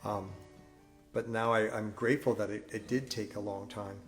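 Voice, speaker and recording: A singer-songwriter at home, telling a candid story between songs on his phone, reflective and halting with restarts. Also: fairly low pitch, steady tone, soft background music. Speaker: singer-songwriter streaming a live concert. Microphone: phone, wearing headphones.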